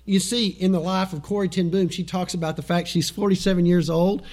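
Animated preacher, high voice. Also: male voice, a little fast. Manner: animated preaching with quoted asides and chuckles. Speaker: pastor. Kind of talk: sermon.

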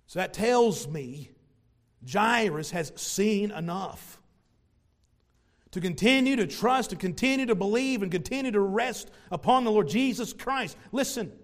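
A man preaching a sermon to his congregation, animated, acting out little voices of the people in the story. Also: high-pitched, a little slow. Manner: animated, plays out voices of mockers and parents. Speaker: pastor.

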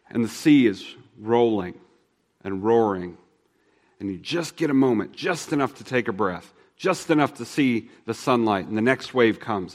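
A man at middle pitch preaching a sermon in an earnest way. He speeds up and then slows down, dropping to a quiet voice to press a point home. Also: in a large hall. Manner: earnest, shifts between fast and slow, drops soft for emphasis. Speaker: pastor.

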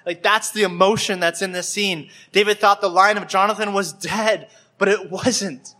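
A man's voice: high voice, steady tone, moderate pace, hardly any pauses, bright, forceful tone. A man preaching a sermon in church, acting out the scenes with small changes of voice and often repeating words as he goes. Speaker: pastor.

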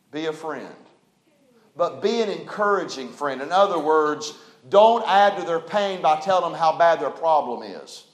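High-voiced pastor preaching in an echoey room. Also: male voice, expressive. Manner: preaching with rising intensity, drawn-out emphatic phrases. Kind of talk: sermon.

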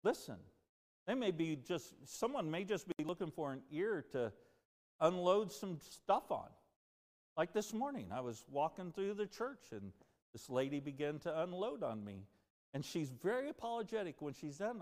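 A man preaching a sermon as pastor, earnest and animated, rising and dropping as he speaks. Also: on the high side, moderate pace, big-room sound. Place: church sanctuary.

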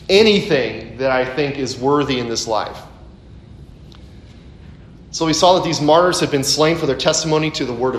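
A man preaching a conversational expository sermon, full of asides and rhetorical questions. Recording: echoey room, faint background rumble.

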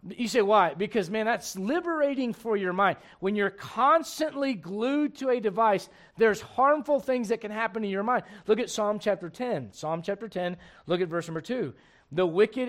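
Emphatic high-voiced male pastor preaching. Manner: emphatic, swings between loud bursts and low asides. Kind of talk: sermon. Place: church.

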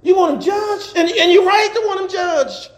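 A man preaching a sermon as pastor, animated, laughing and shouting at times. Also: extremely high pitch, moderate pace, echoey room. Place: church.

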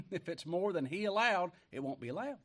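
A man's voice: high voice, expressive, moderate pace, fairly bright tone. A man preaching a sermon, reading scripture aloud and commenting in a folksy way that rises into emphatic bursts. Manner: folksy, rising to emphatic bursts, chuckles often.

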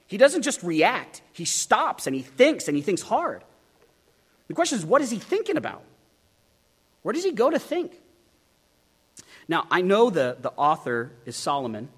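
A man preaching an expository sermon, emphatic and animated, asking the listeners many rhetorical questions. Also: a little high, husky. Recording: long hall reverb.

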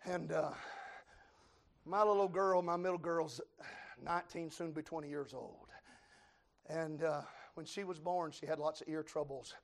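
A middle-aged man preaching a revival sermon, shouting with cries of praise. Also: on the high side, fairly even intonation, normal speed, long pauses.

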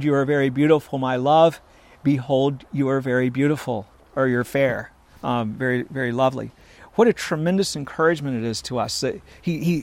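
A man's voice: on the high side, no echo. A man preaching a sermon, earnest and emphatic, reading scripture at length.

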